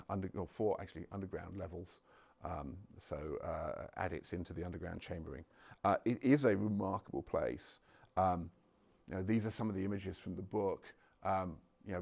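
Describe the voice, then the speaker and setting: Male local history speaker in a village hall, lowish gravelly voice, lots of ums. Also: a little mellow. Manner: halting, many ums and restarts. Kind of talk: public talk with slides.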